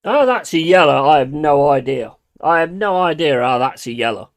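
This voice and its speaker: Expressive and on the high side, a man talking at normal speed streams a live football watch-along, swearing and ranting at the players and referee. He shouts in bursts of outrage.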